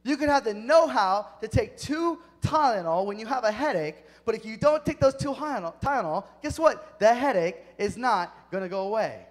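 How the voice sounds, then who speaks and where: A man preaching a sermon to a youth group, energetic and emphatic, speaking straight to the kids. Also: sits high, normal speed, hardly any pauses. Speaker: youth pastor. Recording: long hall reverb.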